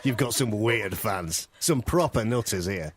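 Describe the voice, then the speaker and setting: A man's voice: on the low side, animated, a little slow. A man hosting a casual radio interview in a studio, joking and stumbling over his words as he chats. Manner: chatty, jokey, stumbles and laughs often. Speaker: radio host.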